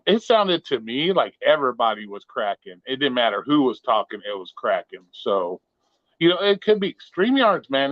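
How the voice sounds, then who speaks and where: A man's voice: lowish voice, dry recording. A man hosting a casual livestream from his bedroom, talking in a loose, rambling, profane way. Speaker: live stream host. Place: home bedroom. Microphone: modest home mic. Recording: dull lo-fi home stream audio.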